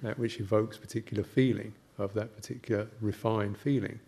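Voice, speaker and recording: An older man, a Buddhist monk, giving a gentle, halting reflective talk with anecdotes and soft laughs. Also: lowish voice, steady tone, gravelly, slightly rough.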